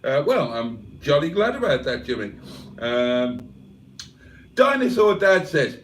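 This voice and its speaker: A man's voice: a little high, big pitch swings, takes it slowly, a bit bright, distant mic. A man from England hosting a casual livestream, reading the chat aloud with cheeky banter. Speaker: livestream host.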